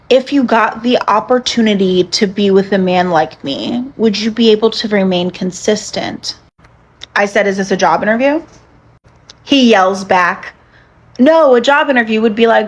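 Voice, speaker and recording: A young woman casually recounting a date in a sardonic, deadpan way, full of fillers. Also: medium pitch. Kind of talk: casual storytelling to camera.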